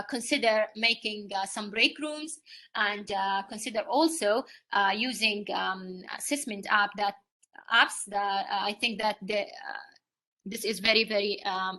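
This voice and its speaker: A woman's voice: mid-range voice, sharp tone. A woman with a Saudi Arabian accent, an English teacher whose first language is Arabic, giving a live training talk to other teachers, explaining through questions, fillers and frequent "okay?" checks.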